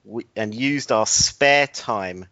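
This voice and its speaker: A man's voice: lowish voice, slow pace, bright, forceful tone, dry recording, lo-fi sound. A young man co-hosting a podcast, joking and teasing his partner. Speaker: podcast co-host. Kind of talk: casual podcast chat.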